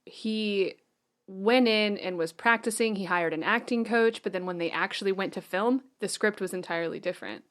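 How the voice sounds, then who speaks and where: A woman's voice: medium pitch, normal speed, a bit bright. A woman in a mid-range voice chatting as a podcast co-host. She is matter-of-fact and relays behind-the-scenes facts in an easy, conversational way. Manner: matter-of-fact, recounts trivia. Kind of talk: casual chat.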